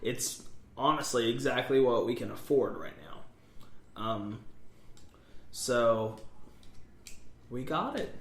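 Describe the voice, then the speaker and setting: A young man co-hosts a casual podcast in an echoey room, rambling upbeat with plenty of "like" and "um." His mid-range voice swings widely in pitch, and he talks slowly with long pauses.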